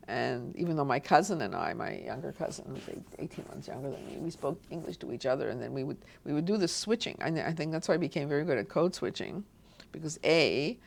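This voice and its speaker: A woman's voice: rumbling low, vocal fry, darkish tone. A woman from Montreal, an oral history interviewee, reminiscing in a rambling way with frequent restarts and asides. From Montreal, Canada.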